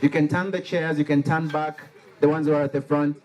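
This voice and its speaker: A man's voice: a little high, flat delivery, a little fast, background noise. A man facilitating a workshop, giving practical instructions and checking in with a frequent "all right?" as he organizes the group. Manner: repeats himself while organizing people. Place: workshop room with participants.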